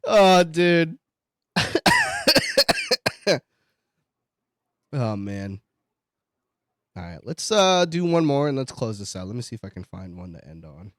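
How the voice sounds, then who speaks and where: A man's voice: fairly high pitch, takes it slowly, pauses often, no room sound. A man co-hosts a laid-back podcast, his slightly raised voice swinging widely as he jokes and curses. The sound is dry and close, with little room around it. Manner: joking, swearing, animated impressions. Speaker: podcast co-host. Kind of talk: casual podcast chat.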